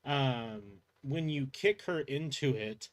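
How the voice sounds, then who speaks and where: A man's voice: medium pitch, slow pace. A man running a tabletop role-playing game as game master, narrating in a loose, rambling way full of fillers.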